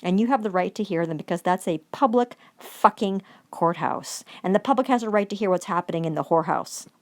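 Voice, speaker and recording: A woman's voice: mid-range voice, fairly quick, darkish tone. Angry woman ranting at the camera, swearing nonstop, jumps into formal legalese. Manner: heated, swearing, accusatory; reads out formal demands between outbursts. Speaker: vlogger. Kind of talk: angry profane rant.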